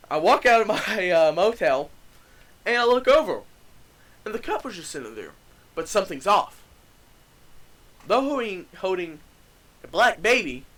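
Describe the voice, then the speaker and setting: A young man casually telling a wild story on his channel, cursing freely and swinging between hushed and loud moments. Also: on the high side. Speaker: vlogger.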